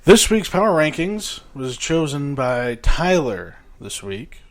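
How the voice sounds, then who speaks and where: A man from New York hosting a casual podcast chat, brisk and dry-humored. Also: on the high side, very animated. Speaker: podcast host.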